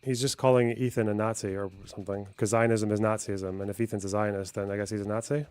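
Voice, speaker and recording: A young Scottish man with an Aberdeen accent argues a point on his livestream, using rhetorical questions in casual talk. His voice sits on the low side, darkish and resonant, clear and steady in tone, and he speaks fast.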